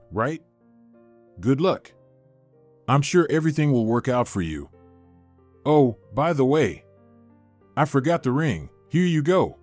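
A man's voice: medium pitch, darkish tone. A man reading as a cold, blunt young fiancée. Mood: indifferent. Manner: harsh, indifferent, blunt. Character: cold, self-serving young woman, fiancée.

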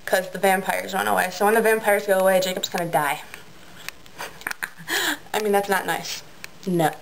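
A teenage girl chatting excitedly on a webcam vlog, giggly and filling her talk with um and like. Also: mid-range voice, a little hiss or hum, low-quality recording. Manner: bubbly, giggly, many ums and likes. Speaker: vlogger. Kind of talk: excited casual vlog chat.

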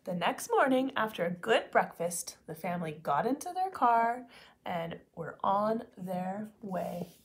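Teacher reading to young children, expressive and animated, swooping pitch. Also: female voice, measured pace. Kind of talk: reading a picture book aloud to children.

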